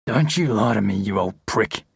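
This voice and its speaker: A man puts on a menacing villain for a storybook reading, hard and angry, who threatens and shouts. The voice is husky and dry. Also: on the low side, lively intonation, normal speed, dry recording, heavily acted. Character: menacing male villain leader, grown man.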